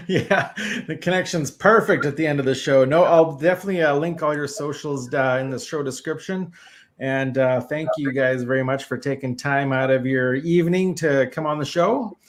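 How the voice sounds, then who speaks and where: A man's voice: a little high, moderate pace. A man hosting a podcast interview, casual and laughing often, with frequent fillers. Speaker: podcast host.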